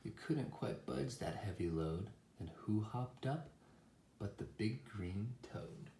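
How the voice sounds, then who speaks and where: Man reading a picture book slowly. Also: fairly low pitch, gravelly. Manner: slow, expressive, sing-song delivery with animal sounds. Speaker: parent reading to children. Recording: echoey room with faint noise.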